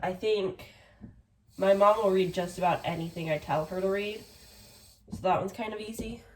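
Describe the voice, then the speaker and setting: A woman's voice: medium pitch, normal speed, noisy background. A woman in her twenties chatting casually in a book vlog, rambling with lots of fillers. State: tired, yawning. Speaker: book vlogger.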